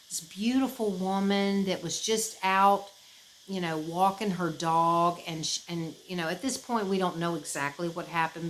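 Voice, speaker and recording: Rambling, expressive woman vlogger. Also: lowish voice, slight background noise, rough recording. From United States. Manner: rambling, expressive, with many fillers and restarts. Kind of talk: casual chat.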